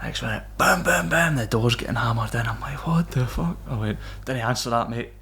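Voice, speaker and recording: Scottish ex-Marine guest, mid-pitched, rowdy storyteller who swears and laughs a lot. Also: male voice, brisk, vocal fry, hardly any pauses, fairly bright tone, slight background noise. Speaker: podcast guest, former Royal Marine. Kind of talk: casual storytelling.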